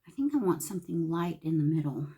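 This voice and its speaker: A middle-aged woman, chatting reflectively in a vlog, soft-spoken and heartfelt, often sinking to a near whisper. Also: deep voice, very animated, quick pace. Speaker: vlogger. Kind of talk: casual reflective chat.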